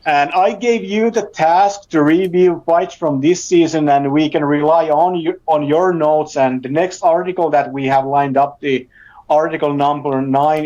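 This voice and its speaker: A man with a fairly high voice tells a story in a loose, halting way. He repeats words and laughs between phrases. The sound is dull and lo-fi. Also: darkish tone. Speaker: podcast co-host. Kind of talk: casual storytelling chat.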